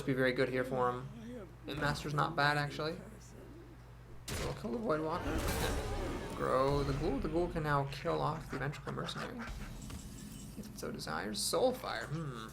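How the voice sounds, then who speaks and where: A man casually commentating his own card game, thinking aloud and poking fun at his own mistakes, with sudden animated outbursts. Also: a little high, moderate pace, gravelly, long pauses, noisy background.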